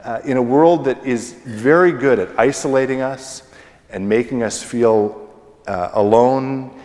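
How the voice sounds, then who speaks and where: A middle-aged man preaching a sermon as pastor, slow and deliberate, pausing often and letting his phrases fall away at the ends. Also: medium pitch, darkish tone. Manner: slow, deliberate preaching with pauses and falling endings. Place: church sanctuary. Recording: long church reverb.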